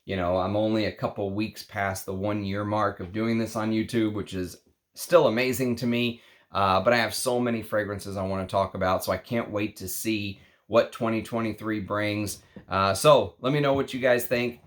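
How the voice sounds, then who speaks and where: Guy gushing about fragrances on his vlog, slightly low voice, drawn-out lists of notes. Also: fairly even intonation. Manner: enthusiastic, lingering over lists of notes. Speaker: fragrance reviewer. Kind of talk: casual review vlog.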